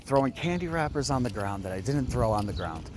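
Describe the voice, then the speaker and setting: A young man vlogging on a walk outdoors, retelling a run-in in an animated way and acting out both sides. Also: medium pitch, brisk, noisy background. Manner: animated, laughing, retells with quoted voices. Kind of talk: casual storytelling.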